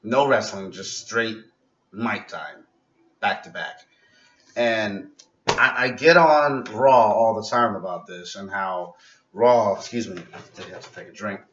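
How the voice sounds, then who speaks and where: A man's voice: on the low side, takes it slowly, fairly bright tone, a little hiss or hum. A man giving a casual, opinionated vlog review of a wrestling show, ranting and critical. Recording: dull lo-fi sound in a roomy space from a distant mic.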